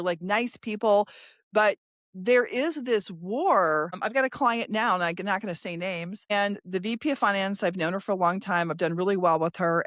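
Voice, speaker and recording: A middle-aged woman recruiter hosting an interview, telling stories in a quick, animated way and acting out what other people said. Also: mid-range voice, no echo, clean studio sound. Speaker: staffing recruiter and podcast host. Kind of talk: casual interview storytelling.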